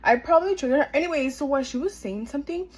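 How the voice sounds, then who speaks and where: A woman's voice: sits high, animated, rapid-fire, rough recording. Chatty young woman telling a story. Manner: chatty, filler-heavy, acts out quoted dialogue. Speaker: storytime vlogger. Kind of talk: casual storytime chat.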